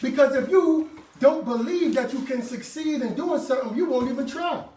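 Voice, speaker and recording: A man with a high voice preaches a sermon in call-and-response style, breaking into shouted bursts and then dropping into casual slangy asides. He sounds distant from the mic, in an echoey worship room with faint background noise. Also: normal speed.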